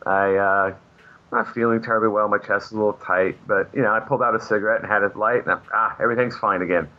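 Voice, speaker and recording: A man with a fairly low voice tells long, meandering anecdotes as a guest in a casual interview. He leans on fillers and restarts as he goes. The recording is dull and muffled. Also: steady tone, fast, bright, forceful tone. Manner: rambling anecdotes with many fillers. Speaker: comic book artist guest. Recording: muffled lo-fi audio.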